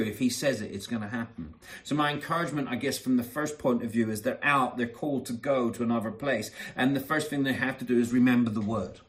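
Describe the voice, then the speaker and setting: A man delivering a sermon in a slightly low voice. He speaks earnestly, leans on repeated phrases for emphasis, and often falls quiet and soft between his stronger lines. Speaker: preacher.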